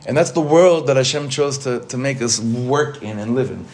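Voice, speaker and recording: A man's voice: medium pitch, moderate pace, a little mellow. A man, a rabbi, teaching a casual Torah class in a conversational way, asking the group questions and mixing in Hebrew terms.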